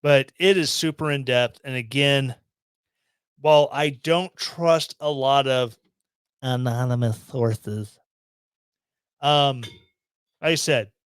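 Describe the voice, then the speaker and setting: A man's voice: mid-range voice, slow, long pauses, clear, resonant tone, no echo. A man hosting a podcast, commenting on the news in a rambling, self-deprecating way with sarcastic asides, into a studio microphone. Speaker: podcast host.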